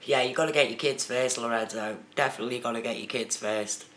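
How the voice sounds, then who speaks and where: A woman's voice: very deep voice, quick pace, fairly bright tone. A woman from the UK chatting casually on a live stream, reading out viewer comments and answering them. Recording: echoey room with faint noise.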